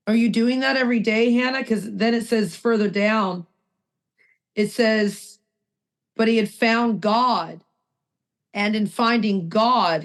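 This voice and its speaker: Emphatic woman co-hosting a recovery podcast. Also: a little high. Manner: emphatic, asks listener direct questions. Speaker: podcast co-host. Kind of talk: recovery podcast chat, reading aloud.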